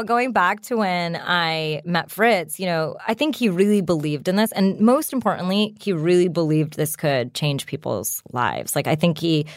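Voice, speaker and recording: A low-pitched woman in her thirties talks as a guest on an interview show, loose and conversational, peppering her sentences with "like" and "you know". The studio sound is close and dry. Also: no echo. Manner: chatty, frequent "like" and "you know" fillers, laughs often. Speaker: startup founder, guest. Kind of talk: casual interview chat.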